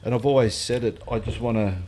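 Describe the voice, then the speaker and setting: A man's voice: mid-range voice, fairly even intonation, quick pace, warm tone, a little hiss or hum. A middle-aged Australian man, a former fighter, chatting on a podcast in a blunt, sweary way and acting out quotes as he tells stories. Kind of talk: casual podcast chat.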